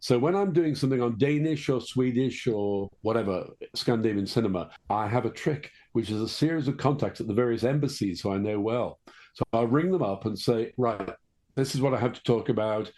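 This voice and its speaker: An older man from Liverpool talks as an interview guest, with a mellow, warm voice. He is discursive and anecdotal. His pitch sits at an average level for a man. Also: fairly quick. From Liverpool, England. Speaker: guest writer. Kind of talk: conversational interview.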